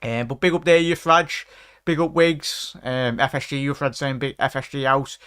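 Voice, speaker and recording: Scouse guy ranting on his live stream, shout-outs to chat, dead dry close mic. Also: medium pitch, steady tone, moderate pace, clear, resonant tone, no room sound. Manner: rambling, shouts out viewers by name; fired-up, ranting in frustration. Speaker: host of a fan watchalong stream.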